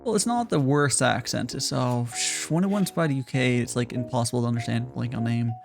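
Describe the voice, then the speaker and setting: Gravelly man, rambling casual host. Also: medium pitch, brisk, faint music behind. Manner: rambling, hesitant. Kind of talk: casual chat.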